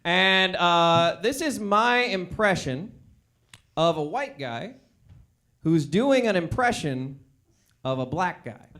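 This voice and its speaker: Male stand-up, 30s, high pitch, rambling self-deprecating delivery. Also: expressive, takes it slowly, pauses often, sharp tone. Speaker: stand-up comedian. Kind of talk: stand-up comedy set. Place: theatre stage.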